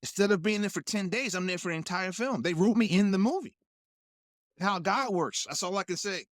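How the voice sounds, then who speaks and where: Animated man telling a story. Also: high voice, a little fast, no echo, clean studio sound. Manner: animated, acts out quoted voices, laughs often. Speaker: guest actor and stuntman. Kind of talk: storytelling in casual chat.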